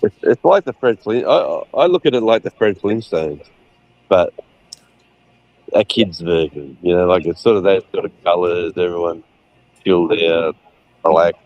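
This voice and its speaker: A man's voice: low-pitched, moderate pace, pauses often, highs cut off. A middle-aged man, chatting casually on a livestream and retelling scenes with laughs. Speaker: livestream co-host. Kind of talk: casual chat.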